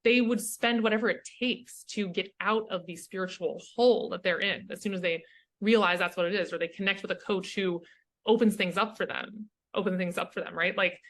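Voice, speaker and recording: Bright-voiced woman coach musing earnestly. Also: medium pitch, fairly even intonation, fairly quick. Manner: earnest, reflective, often checks in with "right?". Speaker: guest, leadership coach. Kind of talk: casual interview chat.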